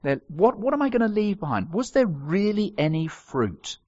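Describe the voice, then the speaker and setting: A man's voice: high voice, moderate pace, highs cut off. An older man preaching a sermon, telling stories with wry humour. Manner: expressive storytelling with wry humour.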